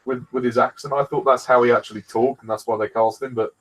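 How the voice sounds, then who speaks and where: Laid-back guy doing a movie commentary, breathy voice, rambles and chuckles a lot. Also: medium pitch, steady tone, fast talker, rough recording. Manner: easygoing, rambling, many fillers. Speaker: fan film commentator. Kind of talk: casual film commentary chat.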